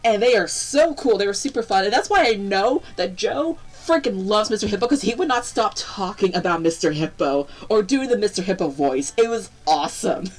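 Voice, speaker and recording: A young woman chatting casually on a live stream, rambling and bubbly, breaking into excited squeals. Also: mid-range voice, normal speed, hardly any pauses, low-quality recording.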